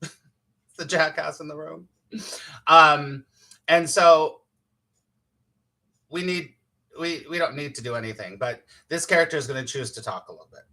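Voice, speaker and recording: A man's voice: on the high side, normal speed, pauses often, sharp tone. A man, a spiritual teacher hosting a casual live-streamed morning talk, chatty and playful, laughing often and greeting viewers by name.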